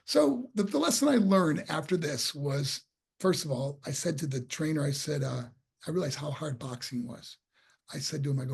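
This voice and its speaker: A man's voice: a little high, moderate pace, creaky, husky. A man from New York State, a guest and former boxer, telling his story in a casual interview and acting out the voices he quotes. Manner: animated storyteller who acts out quoted voices; repeats and restarts words when excited.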